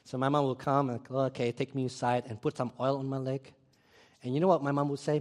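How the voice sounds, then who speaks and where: A man preaching a sermon, telling a childhood story in a lively way and asking the audience questions. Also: mid-range voice, fast talker. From Indonesia.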